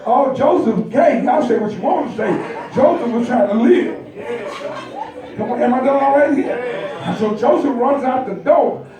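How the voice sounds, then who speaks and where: A male pastor preaching a lively storytelling sermon, calling out to his congregation. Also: extremely high pitch, normal speed, a crowd in the background. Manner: animated storytelling, calls out to the congregation. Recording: echoey church hall, mic far off.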